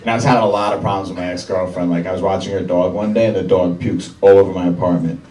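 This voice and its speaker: A young man doing a stand-up routine in a comedy club, with deadpan, dry one-liners. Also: deep voice, fast, slight background noise. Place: comedy club with live audience. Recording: roomy club sound from a distant mic, crowd laughter.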